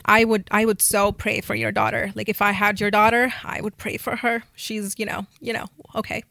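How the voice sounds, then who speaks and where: A woman voicing a meddling, falsely pious church auntie, an older woman, in a bright voice. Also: medium pitch, little pitch movement, moderate pace, vocal fry, no echo. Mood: smug.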